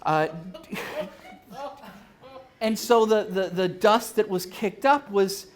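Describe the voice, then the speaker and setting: A man giving a live lecture at a convention, halting often with filler sounds and restarts, and dropping dry, joking asides. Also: high voice. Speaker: convention speaker.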